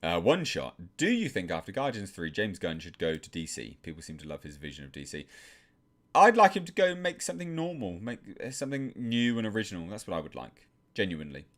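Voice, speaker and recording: A young man from England hosting a live stream, calmly reading out viewer messages and answering them in a measured way. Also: fairly low pitch.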